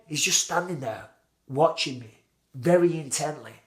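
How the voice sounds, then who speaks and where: A British man in his forties casually tells a vivid personal story, acting out the lines he once said. His voice is fairly high-pitched and moves at a moderate pace.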